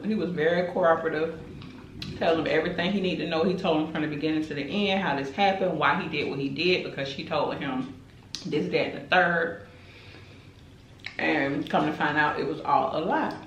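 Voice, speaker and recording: A woman's voice: deep voice, roomy sound, a little hiss or hum, poor audio. A woman tells a dramatic story in casual chat while eating on camera. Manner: animated, chatty, dramatic retelling. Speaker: mukbang host.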